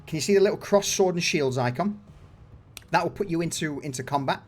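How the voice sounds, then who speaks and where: A man's voice: on the high side, lively intonation. A man narrating as game master in a tabletop role-playing session, often laughing between lines. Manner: slow, unhurried narration with frequent laughs.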